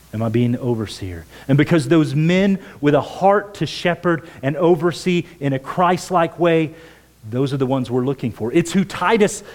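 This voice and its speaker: A man preaching a sermon as pastor in a church, earnest, dropping to a hush for quoted words. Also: on the high side, poor audio. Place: church sanctuary.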